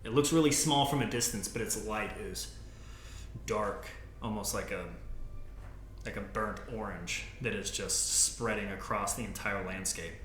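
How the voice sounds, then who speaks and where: A man with a fairly low voice runs a tabletop game as game master, describing the scene loosely with lots of fillers. The recording carries a roomy echo and a faint background hum. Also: a little slow, a bit bright. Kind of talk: casual tabletop game narration.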